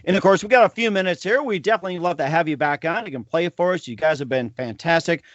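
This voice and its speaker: A man's voice: on the high side, quick pace, dry recording. A middle-aged man hosting a talk show, interviewing guests with friendly affirmations. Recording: dry, muffled sound.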